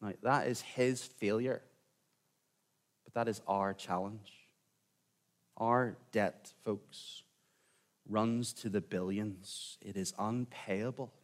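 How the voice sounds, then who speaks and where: Pastor preaching, lowish voice. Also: male voice, steady tone, takes it slowly, long pauses. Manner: conversational preaching, drops to quiet intensity. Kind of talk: sermon.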